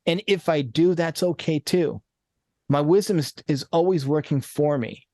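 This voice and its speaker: A man's voice: fairly high pitch, normal speed, darkish tone, no room sound, clean studio sound. A man guesting on a podcast as a coach, talking earnestly in a rambling, casual way with many restarts and repeated words. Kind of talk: casual conversational interview.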